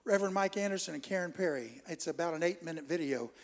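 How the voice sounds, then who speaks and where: A man preaching a fervent Pentecostal sermon, moving from storytelling into loud exclamations and speaking in tongues. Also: fairly high pitch, quick pace. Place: church hall. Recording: long reverb in a hall.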